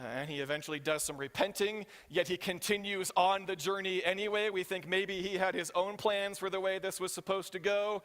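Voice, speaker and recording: A man preaching a sermon as pastor, telling the story with animated voices for the characters and often checking in with the congregation. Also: high voice, moderate pace. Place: church hall. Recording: reverberant hall.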